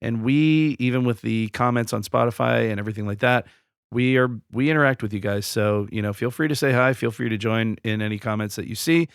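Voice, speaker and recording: A man's voice: mid-range voice, a little fast, creaky, smooth, dry recording, studio quality. Laid-back male podcast co-host. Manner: laid-back, rambling with filler words and frequent laughs. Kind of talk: casual podcast chat.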